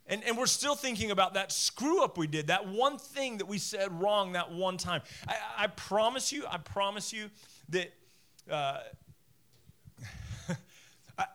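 A man in his forties preaching a sermon from a church stage, animated and self-deprecating, acting out voices as he goes. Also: high voice. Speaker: pastor. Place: church stage before a congregation.

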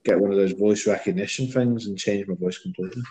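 A man with a Shropshire accent co-hosting a casual football podcast, chatty and quick to laugh at himself. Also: fairly low pitch, warm tone, a little hiss or hum, low-quality recording. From Shropshire, England. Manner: chatty, laughs often, self-mocking. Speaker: podcast co-host.

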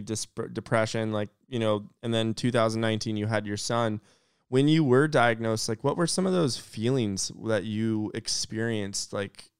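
A man's voice: mid-range voice, smooth, no room sound, clean studio sound. A man hosting an interview, asking loose questions packed with fillers. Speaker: host.

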